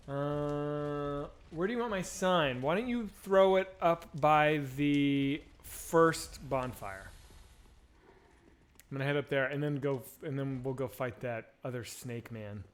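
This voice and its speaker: A man's voice: on the high side, clear, resonant tone. A man streaming a game, chatting casually to viewers in a loose, profane, rambling way with frequent restarts. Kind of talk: casual chat while gaming.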